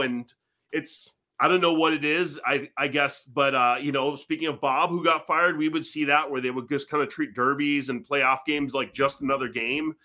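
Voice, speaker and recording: A man's voice: on the high side, pushed and bright. A man co-hosting a casual sports podcast, rambling through his points with lots of "you know". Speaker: podcast co-host.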